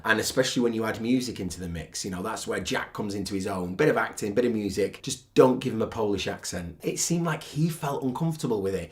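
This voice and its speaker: A man's voice: on the low side, darkish tone. A man giving a casual, candid film review, chatty and sardonic in tone, with blunt asides.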